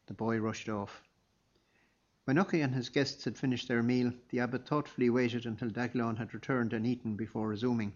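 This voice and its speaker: Brief: male narrator, husky, slightly muffled recording. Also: mid-range voice, steady tone, a little fast, a little mellow. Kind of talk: audiobook narration.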